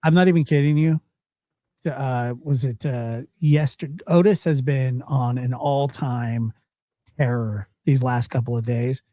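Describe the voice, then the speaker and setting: A man's voice: mid-range voice, steady tone, unhurried, mellow, no room sound, studio quality. A man hosting a live talk stream, thanking callers and chatting in a friendly, conversational way. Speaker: host.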